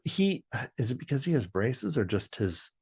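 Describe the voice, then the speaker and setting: A man in a casual podcast chat, his voice sitting at an ordinary middle pitch. He rambles through the episode recap, pausing and restarting as he searches for words. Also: sing-song, a little mellow, breathy edge. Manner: rambling with many fillers and restarts. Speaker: podcast co-host. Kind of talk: casual show review chat.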